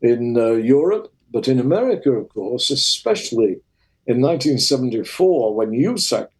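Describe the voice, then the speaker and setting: An older man from the north of England speaks with a Lancashire accent. He tells his stories in a lively, vivid way, at a middling pitch. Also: normal speed, rough recording. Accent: Lancashire English. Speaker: guest, retired racing driver. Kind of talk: interview anecdotes.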